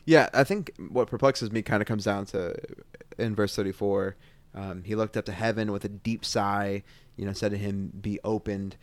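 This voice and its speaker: A man talking through a Bible passage in a casual discussion, thoughtful and halting, with many restarts. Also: lowish voice, fairly even intonation, no room sound.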